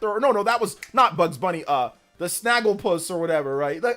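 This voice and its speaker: Slangy, animated male streamer. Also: high voice, a little fast, hardly any pauses, faint music behind. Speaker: streamer host. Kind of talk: casual livestream chat.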